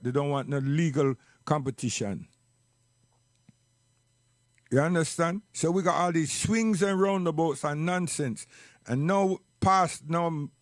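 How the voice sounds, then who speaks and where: A man's voice: a little high, no room sound, clean studio sound. A man with a Jamaican accent giving an impassioned, preachy spoken monologue, hammering his points with repeated questions. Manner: preachy, emphatic, repeats "you understand?".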